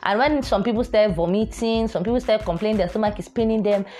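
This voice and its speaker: Animated young Nigerian woman storytelling. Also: mid-range voice, quick pace. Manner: animated, mixes in Pidgin phrases. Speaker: vlogger. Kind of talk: casual storytelling.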